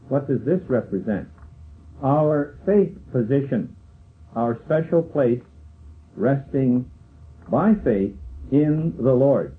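An older man preaching a sermon in a slow, measured way, quoting scripture. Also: medium pitch, animated. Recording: tinny phone-like sound from far off.

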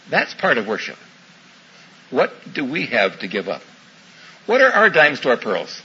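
A man's voice: medium pitch, sing-song, brisk. A man preaching a sermon in a folksy storytelling manner, in a muffled recording with faint hiss. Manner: folksy storytelling, warm asides, chuckles.

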